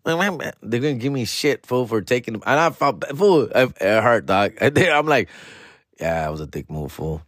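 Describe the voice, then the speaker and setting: A man's voice: moderate pace, dry recording, clean studio sound. A man, telling a casual, slang-heavy story as podcast host, dropping into Spanish and acting out relatives. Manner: slangy, peppered with "fool" and "dog", switches into Spanish; animated, acts out family members in higher voices. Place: home, alone in the house.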